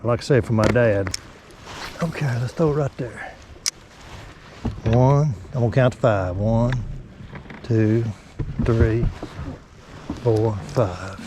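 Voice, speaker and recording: A middle-aged man with a Southern accent, chatting folksily and getting excited as he fishes from a small boat on a creek. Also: medium pitch, noisy background. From North Alabama. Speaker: fishing vlogger. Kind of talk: casual outdoor fishing vlog.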